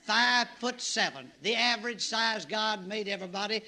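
A middle-aged man preaching a sermon, telling the story in an animated way and breaking into shouts and exclamations. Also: sits high, moderate pace, slight background noise.

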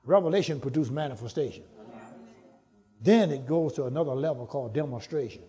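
A man preaching a sermon, calling to the congregation for answers and climbing into shouts. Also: medium pitch, brisk. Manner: call-and-response preaching, rising to shouts.

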